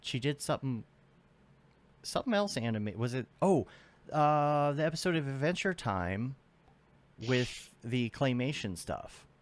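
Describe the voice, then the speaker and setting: A man's voice: mid-range voice, big pitch swings, unhurried. A man hosting a podcast in casual interview chat, rambling and trailing off as he searches for his thoughts. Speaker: podcast host.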